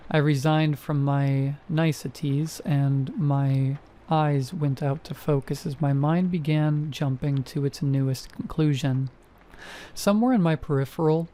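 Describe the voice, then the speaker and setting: Guy reading a creepy first-person horror story, warm mellow voice, steady pace. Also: medium pitch. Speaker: narrator.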